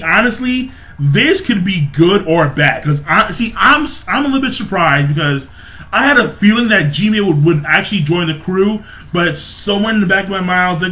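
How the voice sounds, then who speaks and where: A young man casually recapping a manga chapter, excitable and profane, with frequent exclamations, laughs and rambling restarts. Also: high voice. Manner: rambling with many fillers and restarts.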